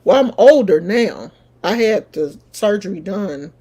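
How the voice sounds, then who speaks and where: A middle-aged woman, casually telling a personal story straight to her viewers in an animated, chatty way. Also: mid-range voice, a little slow, breathy edge. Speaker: vlogger.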